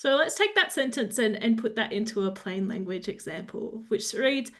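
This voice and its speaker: An Australian woman presenting a webinar talk, explaining steadily with frequent pauses and small touches of humour. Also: fairly high pitch, lively intonation, fairly bright tone. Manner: explanatory, lightly humorous, with frequent "um".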